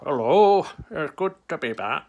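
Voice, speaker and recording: A man doing Jesus as a relaxed, chatty northern English lad, with a Northern English accent and a raised, bright voice. He talks to people like mates down the pub, calling them pal and lad. This is a comic improvised interview. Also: a little high, measured pace, lo-fi sound. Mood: cheerful. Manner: chummy and casual, calls people pal and lad.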